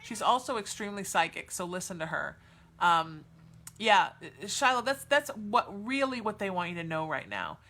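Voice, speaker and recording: Woman psychic host, low-ish voice, chatty and soothing, lots of ums. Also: bright, forceful tone. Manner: soothing, reassuring, calls listeners sweetheart; chatty, with many fillers and restarts. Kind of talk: live psychic readings for chat viewers.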